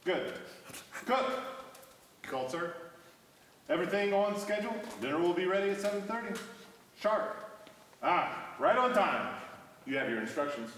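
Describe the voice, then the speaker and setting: A man reading the part of a calm, sinister butler in a workshop script reading, measured and formal. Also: high-pitched, a little hiss or hum. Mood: dryly menacing. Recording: echoey room from far off.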